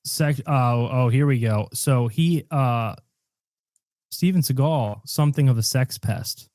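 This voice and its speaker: A man hosting a casual podcast, teasing his guest and hamming up name pronunciations between plenty of ums and uhs. His voice sits at an ordinary middle pitch and is recorded close and dry, with no room sound. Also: darkish tone, no room sound. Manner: joking, deliberately mispronounces names, many fillers. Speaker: podcast host. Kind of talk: casual chat.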